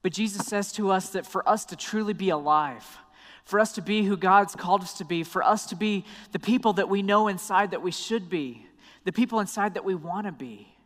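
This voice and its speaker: Male pastor, sermon, fairly high voice, drops quiet and low for quotes, long reverb. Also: brisk, hardly any pauses. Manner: dramatic drops to a soft, low voice for quoted words.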